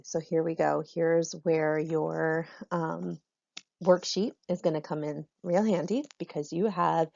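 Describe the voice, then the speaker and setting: Slow, low-voiced woman teacher. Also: gravelly, darkish tone, no echo, highs cut off. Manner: slow, patient explaining with frequent ums. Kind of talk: recorded online lesson.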